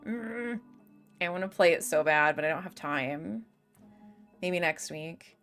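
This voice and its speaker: A woman's voice: fairly low pitch, unhurried, long pauses, fairly bright tone. Chatty, swearing young woman streamer. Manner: chatty and swears freely, with lots of fillers and laughs. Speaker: game streamer. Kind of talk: casual live-stream chat. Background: faint game music.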